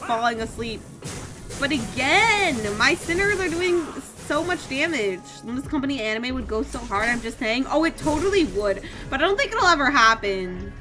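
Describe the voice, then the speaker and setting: A young woman streaming a game, chatting casually, reading the story text aloud and breaking into playful, excited outbursts. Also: high-pitched, moderate pace, music in the background. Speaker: gaming streamer.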